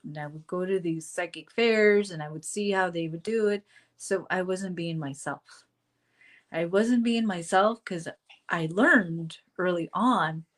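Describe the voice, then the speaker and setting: A middle-aged woman, a spiritual teacher, telling a personal story to camera in a halting way, restarting often and acting out remembered voices. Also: on the low side.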